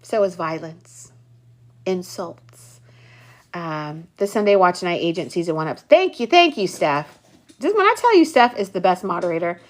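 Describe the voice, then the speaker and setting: A young adult woman hosting a live class, chatting playfully and teasing viewers in a casual, animated way. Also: lowish voice, moderate pace. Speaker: class host.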